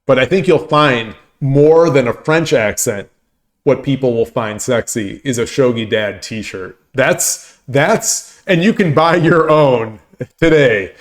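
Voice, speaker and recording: A man chats casually on his own stream in a loose, rambling way, often stopping to restart a thought. His pitch sits in the ordinary middle range for a man. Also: slow. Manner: rambling, full of restarts and laughter. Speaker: streamer and host. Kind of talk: casual chat with stream viewers.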